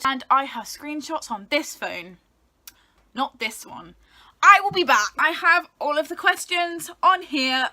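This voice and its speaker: A young woman in a casual chat vlog, talking to camera at home between bites of food. Her voice sits high and bright, with a loose, chatty delivery and easy swearing. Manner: chatty, swears casually, talks while eating. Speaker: book YouTuber. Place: home, indoors.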